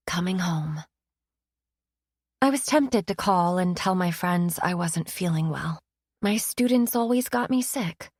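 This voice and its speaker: A woman narrates an audiobook in the first person, wry and expressive, with a voice on the low side. The recording is studio quality, with no echo.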